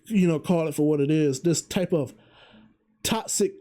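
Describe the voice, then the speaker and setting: Guy rambling thru his opinions solo, fairly high voice but mellow tone, keeps restarting sentences. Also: moderate pace. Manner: rambling, self-interrupting, opinionated with frequent chuckles. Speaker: vtuber host. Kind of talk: casual commentary monologue.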